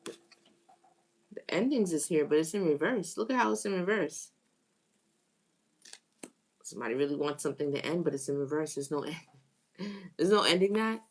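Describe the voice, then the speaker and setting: Lower-pitched woman giving a tarot reading. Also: moderate pace, long pauses. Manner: animated, exclaims and repeats phrases for emphasis. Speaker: tarot reader.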